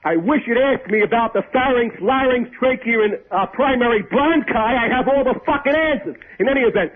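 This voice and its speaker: Shrill foul-mouthed man on a tinny phone line. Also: a little fast. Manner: brash, foul-mouthed, repeats phrases over and over. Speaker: phone-in caller. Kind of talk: profane ranting call-in banter.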